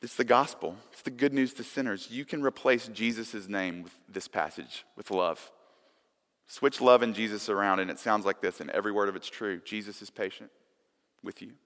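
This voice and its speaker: Pastor, male, earnest sermon delivery with big swings from soft to loud, sharp tone. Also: fairly low pitch, fairly even intonation, moderate pace. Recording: long reverb of a large hall.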